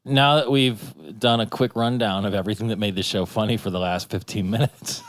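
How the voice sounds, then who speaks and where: A man's voice: fairly low pitch, fairly even intonation, brisk, no room sound. A man co-hosting a podcast, musing and asking the others questions about a cartoon episode. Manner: musing, asks the group questions. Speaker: podcast co-host.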